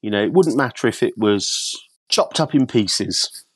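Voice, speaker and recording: A man from England, an antiques silver specialist, telling lively anecdotes as a podcast guest. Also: on the low side, measured pace, slightly rough, no echo. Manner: lively storyteller, mimics voices in his anecdotes.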